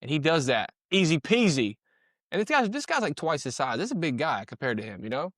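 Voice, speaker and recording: A man's voice: a little high, sing-song, brisk, fairly bright tone, no echo, studio quality. A man giving casual, slangy commentary on a video, repeating himself and punching in sound-effect words. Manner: slangy, conversational. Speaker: commentator breaking down police footage.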